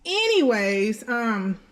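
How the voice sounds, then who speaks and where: A woman vlogging in her home kitchen, filming on a handheld phone as she cooks and chats to viewers. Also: fairly high pitch. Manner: chatty, animated, talks straight to viewers. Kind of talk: casual vlog storytelling while cooking. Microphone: handheld phone camera.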